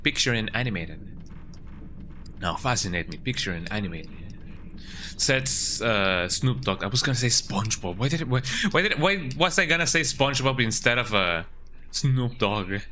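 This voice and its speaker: A man's voice: fairly low pitch, bright, forceful tone, a little hiss or hum. A young man streaming a horror game, joking around in casual commentary and tagging his lines with "eh?". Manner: playful, jokey, keeps tagging lines with "eh?".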